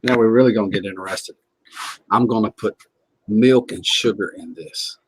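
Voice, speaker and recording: A man's voice: on the low side, normal speed, slightly rough, low-quality recording. A man co-hosting a casual live chat stream, easygoing, reading viewer comments aloud.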